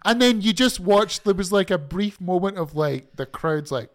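A man co-hosting a podcast in casual chat, excitable and rambling, swearing a lot as he retells events. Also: high voice, moderate pace. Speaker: podcast co-host.

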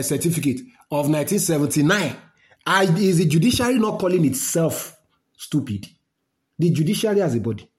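A man's voice: high voice, darkish tone. A man with a Nigerian accent, delivering a fiery, rambling political rant to his listeners. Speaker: political commentator. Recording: roomy echo.

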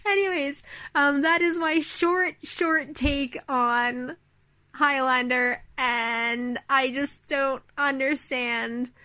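A woman's voice: sits high, steady tone, slow pace, bright, forceful tone, dry recording. A woman giving a casual, incredulous and laughing spoken review of a film. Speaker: listener sending a recorded review.

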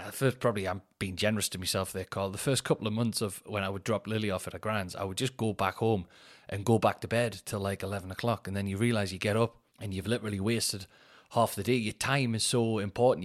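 A man chats alone into his podcast mic, sweary and animated. He rants with a lively voice that jumps up in pitch and loudness whenever something annoys him. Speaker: podcast host. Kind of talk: casual solo chat. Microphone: headphones in, home podcast mic.

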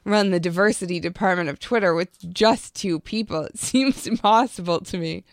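A woman co-hosting a casual radio talk show, chatty with vocal fry and frequent laughter. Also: lowish voice, normal speed, no room sound, clean studio sound. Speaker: radio co-host.

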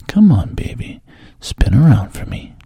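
In a whispered role-play, a man voices a smooth-talking, pushy young fraternity guy with a gravelly, breathy low voice that's sing-song and mellow. Heavily acted and coaxing, he drawls slowly and lingers on pet names like baby and sweetheart. The sound is close and dry, with no echo.

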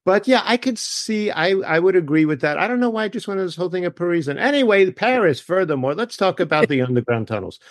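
A man's voice: high voice, sing-song, quick pace, few pauses, dry recording, clean studio sound. A man being interviewed as an author, talking casually and drifting into tangents. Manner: chatty, wanders into tangents. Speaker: author guest.

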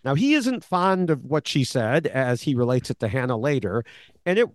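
In a dry, clean studio recording, a male co-host recaps podcast episodes in casual talk peppered with fillers and restarts. He's a longtime analyst of the show, and his medium-pitched voice has a sing-song lilt at a moderate pace.

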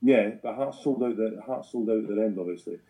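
A man's voice: on the low side, fast talker, warm tone. A Scottish man co-hosting a casual football podcast, blunt and opinionated, laughing often. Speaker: podcast co-host. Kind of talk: casual chat.

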